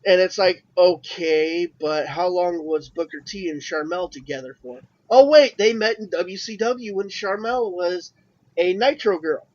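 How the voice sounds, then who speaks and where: A man's voice: sits high, unhurried, darkish tone. A man co-hosting a podcast in casual chat, hesitant and often repeating words. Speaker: podcast co-host. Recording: dull lo-fi sound.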